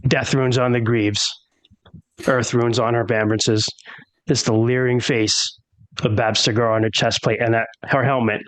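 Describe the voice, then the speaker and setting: A man's voice: lowish voice, fairly bright tone, no echo, rough recording. Man narrating as game master, dry sound. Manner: dramatic storytelling with character voices.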